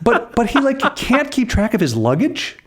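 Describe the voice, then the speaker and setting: A man's voice: very high-pitched, huge pitch swings, normal speed. A man co-hosting a casual podcast, talking animatedly with laughing asides and frequent restarts. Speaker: podcast co-host.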